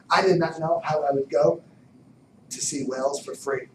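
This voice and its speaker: A man giving a motivational talk, telling stories animatedly, dropping to whispers and then bursting out loud. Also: fairly high pitch, steady tone, moderate pace, noisy background. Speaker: motivational speaker. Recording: roomy distant mic with background ambience.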